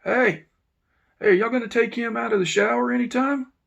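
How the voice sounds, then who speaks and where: A man voicing a stern male prison warden with a high, strained, heavily accented voice. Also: brisk, gravelly, breathy edge, heavily acted. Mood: demanding.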